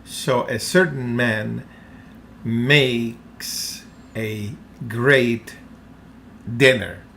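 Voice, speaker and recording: A man's voice: medium pitch, steady tone, drawn-out words, creaky, a bit bright, a little hiss or hum. A man teaching a language lesson, carefully pronouncing words and asking the listener to repeat them. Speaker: Greek teacher. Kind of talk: slow language lesson with pronunciation drills.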